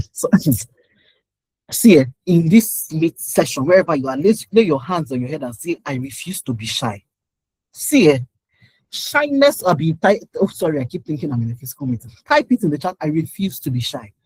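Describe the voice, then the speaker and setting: Animated woman giving career advice. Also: on the low side, normal speed, slightly rough, dry recording, low-quality recording. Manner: animated, exhorting, laughs often. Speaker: career speaker. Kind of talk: motivational talk to an online session.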